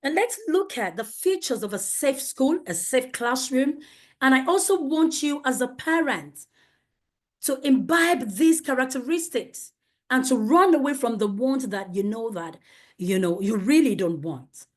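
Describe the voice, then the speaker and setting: A woman's voice: high-pitched, expressive, measured pace. A woman leading a safeguarding training for teachers, speaking emphatically and asking many rhetorical questions.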